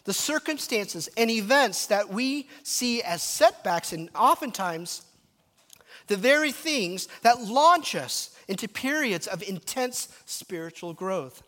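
Lively preaching man in a hall. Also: high-pitched, slow pace. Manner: animated, storytelling, drops to a murmur at times. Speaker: pastor. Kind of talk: sermon. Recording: reverberant hall.

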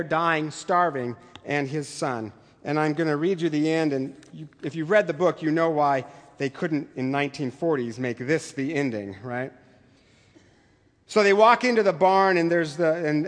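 A male teacher lectures in a conversational, explanatory way and reads passages aloud. His voice sits a bit high, and a long reverb trails after it as in a large hall. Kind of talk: classroom lecture and reading aloud.

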